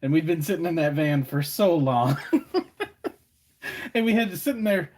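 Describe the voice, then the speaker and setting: A man co-hosting a live stream, telling a story casually in a relaxed, rambling way and correcting himself as he goes. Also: on the high side, normal speed. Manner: rambling, relaxed, self-correcting, acts out quoted voices.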